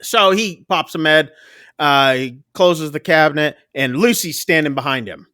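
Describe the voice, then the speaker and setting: A man's voice: on the high side, unhurried, bright, forceful tone, dry recording, clean studio sound. A man co-hosting a podcast, casually retelling a horror movie scene by scene and acting out the characters' lines. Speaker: podcast co-host. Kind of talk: casual movie recap chat.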